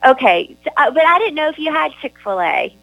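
A woman with a Southern US accent, chatting as a guest author in an encouraging, talkative way with quick restarts. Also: high-pitched, big pitch swings, vocal fry, a bit bright, no room sound, soft background music, poor audio. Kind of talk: casual chat.

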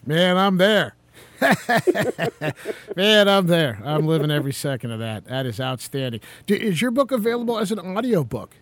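A man's voice: high-pitched, very animated, moderate pace, a bit bright, no echo. A man hosting a radio talk show, praising a guest author in an enthusiastic, casual way with stumbling restarts. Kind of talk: casual interview.

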